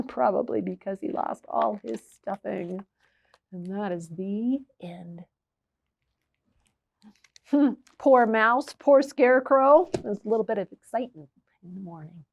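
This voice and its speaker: In an unhurried, gravelly voice of medium pitch, with the high frequencies cut off, a woman reads a picture book aloud. She's a children's librarian and an expressive storyteller who draws her listeners in with questions.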